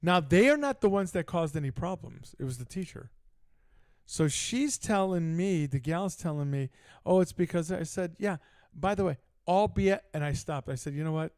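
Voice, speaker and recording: A man's voice: a little high, lively intonation, moderate pace, a little mellow, clear, resonant tone, no echo. A middle-aged man co-hosting a sports talk show, telling a long story in casual chat and acting out both sides of the conversations. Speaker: podcast co-host.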